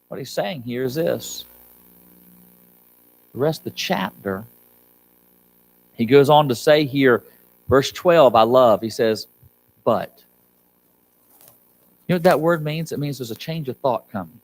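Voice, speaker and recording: A man's voice: medium pitch, expressive, unhurried, pauses often, darkish tone, rough recording. A man preaching a sermon as pastor, pleading with the congregation and rising to urgent appeals. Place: church sanctuary.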